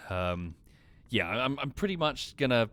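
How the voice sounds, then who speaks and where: Lively man thinking aloud over a game. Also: medium pitch, moderate pace. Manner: thinking aloud, apologetic, self-correcting. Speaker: streamer. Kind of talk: casual gameplay commentary.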